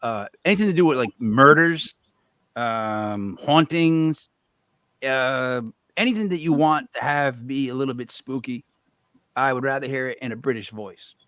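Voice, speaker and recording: A man hosting a podcast in casual chat, animated and swearing freely. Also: medium pitch, measured pace, no room sound. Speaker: podcast host.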